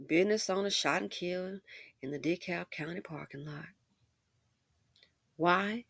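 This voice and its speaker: A woman host giving impassioned social commentary, swinging between loud emphasis and hushed asides. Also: on the low side, expressive, measured pace, gravelly, no room sound, studio quality.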